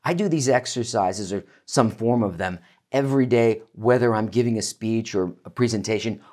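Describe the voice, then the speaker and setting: A man teaching vocal warm-ups as a voice coach, with an energetic, demonstrative coaching manner. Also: lowish voice, moderate pace. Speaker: voice coach and keynote speaker. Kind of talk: instructional talk to camera.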